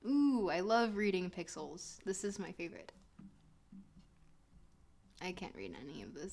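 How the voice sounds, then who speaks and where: A woman's voice: on the low side, sing-song, unhurried, vocal fry, pauses often, a little mellow. A woman streaming a geography game, reading chat aloud and reacting with laughter and mock outrage. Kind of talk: casual game stream commentary.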